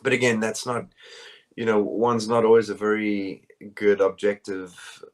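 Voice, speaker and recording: A man with a South African accent talks through his answers casually, circling back with fillers and restarts. His voice sits fairly low. He is calling in to the interview by phone. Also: fairly even intonation, measured pace. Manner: rambling, many fillers and restarts. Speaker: bassist, interview guest. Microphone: phone call.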